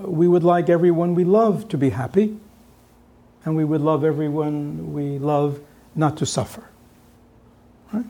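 Husky, gravelly-voiced man teaching. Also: on the high side, mellow. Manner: asks the audience many rhetorical questions; halting, with many filler pauses. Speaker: dharma teacher. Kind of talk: dharma talk to an audience.

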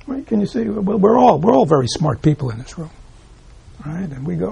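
A man teaching a dharma talk to a gathered room, his voice deeply gravelly and husky, with a mellow, dark tone sitting a little high for a man. He reflects aloud, poses rhetorical questions and often sinks into a hush. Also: lively intonation, very fast, rough recording. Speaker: Buddhist teacher. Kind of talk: dharma talk to a live audience.

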